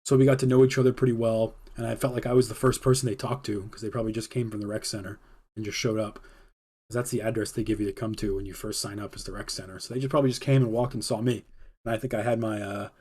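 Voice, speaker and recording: Male host for a laid-back storytelling stream: mellow, warm tone, loose and rambling delivery heavy on filler words, quick to laugh. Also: on the low side, fairly even intonation, husky. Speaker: podcast host. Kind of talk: casual storytelling.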